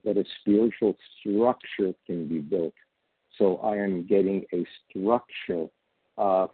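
A man from Israel speaks slowly and hesitantly at a recovery meeting. His voice is low, flat and husky. It comes through a dry, tinny phone line. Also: dry recording. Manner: slow, hesitant, many fillers. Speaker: recovery meeting member sharing. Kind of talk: brief share on a phone meeting.

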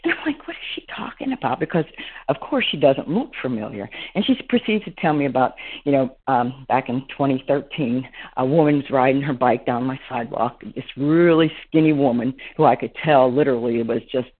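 A woman with a slightly husky voice shares her story on a recovery meeting call. She rambles warmly, leaning on "you know" as she goes. The sound is narrow and tinny, as if coming through a telephone line. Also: rumbling low, normal speed. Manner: rambling, heartfelt, heavy on fillers. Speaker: meeting member sharing. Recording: phone-line audio.

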